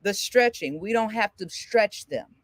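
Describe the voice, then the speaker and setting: A woman's voice: mid-range voice, lively intonation, measured pace, no room sound. Woman voice coach on a video call. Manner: encouraging, demonstrative, laughs often. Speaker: voice teacher. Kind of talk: live online voice lesson.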